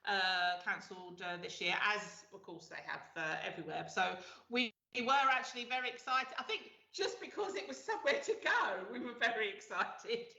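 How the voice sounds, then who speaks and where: A woman's voice: medium pitch, lively intonation, normal speed, creaky, bright, forceful tone. A middle-aged woman hosting a show, chatting casually and laughing often, with lots of fillers. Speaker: radio show host. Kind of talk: casual chat. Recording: echoey, dull lo-fi sound.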